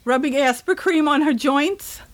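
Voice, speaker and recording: A woman's voice: high voice, unhurried, noisy background. A woman in casual chat who talks bluntly and rants with lots of profanity.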